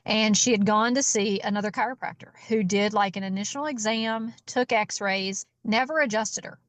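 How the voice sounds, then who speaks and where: A woman chiropractor guest telling a patient story in an interview, acting out the dialogue with lively energy. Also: mid-range voice, normal speed, no room sound. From Georgia, US. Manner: animated storyteller who acts out quoted dialogue.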